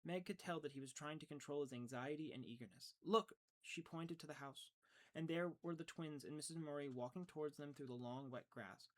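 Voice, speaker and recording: A man's voice: a little high, fairly quick. A man narrating an audiobook earnestly, stumbling and restarting now and then. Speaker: audiobook reader.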